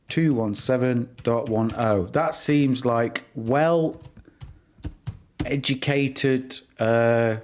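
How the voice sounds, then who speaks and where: Middle-aged male livestream host, slow, easy banter with viewers. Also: mid-range voice. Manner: bantering, teasing viewers by name. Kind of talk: casual live-stream chat.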